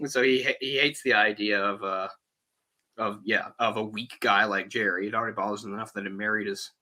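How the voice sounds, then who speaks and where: A man's voice: fairly low pitch, brisk. A man hosting a podcast, talking casually and animatedly about a film and acting out lines from it. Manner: animated, acts out quoted lines. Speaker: podcast host.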